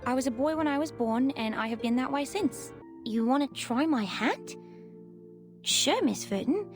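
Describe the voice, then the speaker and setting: A woman voicing a gentle, polite young boy in a game, with an imitated Australian accent. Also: sits high, lively intonation, moderate pace, soft background music. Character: courteous young boy caretaker.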